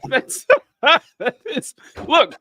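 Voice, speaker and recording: High, lively podcast host man. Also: drawn-out words, breathy edge, no echo. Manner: laughs a lot, reacts with exclamations. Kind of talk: casual podcast chat.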